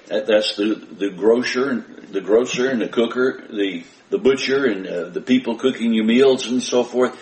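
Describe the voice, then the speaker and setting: A man's voice: fairly low pitch, moderate pace, few pauses. Male pastor, earnest emphatic sermon, repeats key phrases, roomy echoing church sound.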